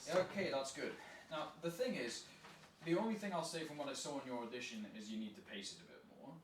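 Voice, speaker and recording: A man's voice: mid-range voice, expressive, quick pace. A man coaching a student through acting exercises, upbeat and encouraging, often laughing. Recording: echoey room from a distance with faint noise.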